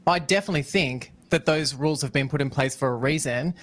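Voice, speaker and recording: A man's voice: fairly high pitch, fast, a bit bright. A man co-hosting a talk show who speaks earnestly and giggles easily. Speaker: co-host. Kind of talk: casual talk show chat.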